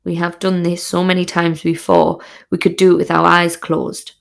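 A woman's voice: lowish voice, moderate pace, creaky. A woman telling a frank, sweary, comic personal story as a podcast host.

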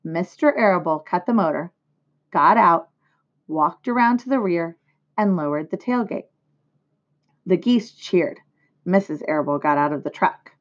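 Female teacher narrating a storybook, measured read-aloud, muffled lo-fi recording. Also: lowish voice, lively intonation. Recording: dull lo-fi recording.

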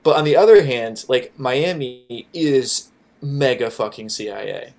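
A man's voice: mid-range voice, a little slow, creaky, a little mellow. A man from Florida, a podcast guest, talking casually in a rambling way, with lots of swearing, fillers and restarts.

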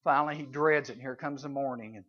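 A man preaching a conversational sermon to junior high students, swinging between loud and hushed, on a dull lo-fi recording. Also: quick pace. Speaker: youth preacher.

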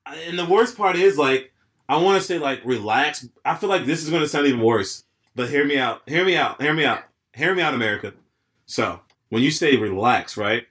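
A young man co-hosting a podcast in casual chat, laid-back and quick to laugh, with long rambling asides. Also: mid-range voice, expressive, a bit bright. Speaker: podcast co-host.

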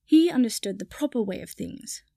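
A woman's voice: fairly high pitch, lively intonation, moderate pace, creaky, warm tone, dry recording, clean studio sound. A woman voicing a dour old male house-elf servant who speaks primly and formally about himself in the third person.

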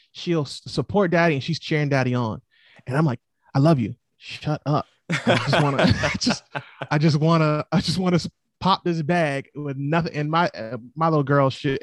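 A man speaking as a guest in a casual interview, explaining his investing plans in an animated, storytelling way. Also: a little high, moderate pace, no room sound. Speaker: real estate investor guest.

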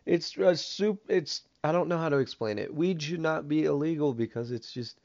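Young male podcast co-host, relaxed and slangy, muffled lo-fi recording. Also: a little high, normal speed, creaky. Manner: laid-back, slangy, agreeable. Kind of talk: casual stoned chat. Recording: dull, lo-fi sound.

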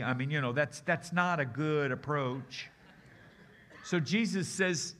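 A middle-aged guest pastor with a voice on the high side preaches a storytelling sermon at a measured pace. He tells stories animatedly, acts out voices, and leads the crowd in repeating lines.

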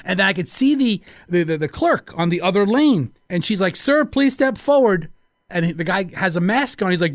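A man's voice: high-pitched, expressive, moderate pace, no room sound. A man co-hosting a morning radio show, telling a story and acting out the people in it. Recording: dry studio sound.

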